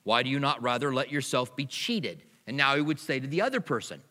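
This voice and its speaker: A man's voice: medium pitch, expressive, brisk, sharp tone. A middle-aged man preaching a sermon as pastor, in a conversational way with personal stories, in a church hall.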